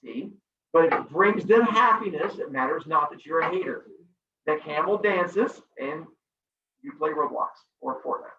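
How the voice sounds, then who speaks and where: A man teaches a middle school class online, animated and jokey, acting out silly voices as he reviews with students. His fairly high voice runs at normal speed, with echoey, distant, dull video-call audio and faint noise.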